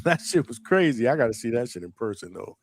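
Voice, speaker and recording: A man's voice: medium pitch, very animated, quick pace, a little hiss or hum. A man hosting a casual livestream, teasing his co-hosts with lots of laughter.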